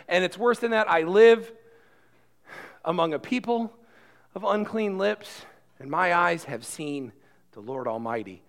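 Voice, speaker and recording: A man preaching a sermon who swings between quiet asides and loud emphatic passages, repeating words as he builds. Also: sits high, lively intonation, measured pace, creaky. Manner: repeats and restarts words when worked up. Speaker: pastor.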